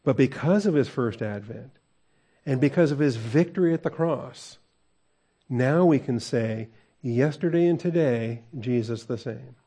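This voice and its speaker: A man's voice: medium pitch, a little slow, dark tone, husky. A man preaching a conversational verse-by-verse sermon as a pastor, asking the congregation questions and chuckling often.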